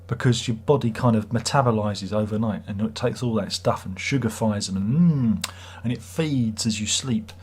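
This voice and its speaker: A man's voice: lowish voice, moderate pace, darkish tone, slightly rough. A middle-aged British man hosting a livestream, chatting in a rambling, wry, self-mocking way. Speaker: livestream host. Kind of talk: casual livestream chat.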